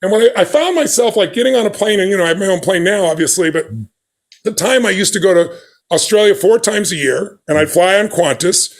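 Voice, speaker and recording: A man guesting on a podcast tells a story conversationally, with emphatic, animated delivery, acting out the dialogue he quotes. His voice sits high and moves a little fast.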